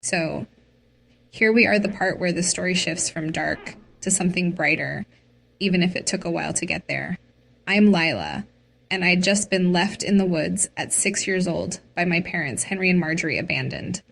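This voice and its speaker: A woman's voice: on the low side, moderate pace, vocal fry, fairly bright tone. A woman narrating a dramatic first-person story.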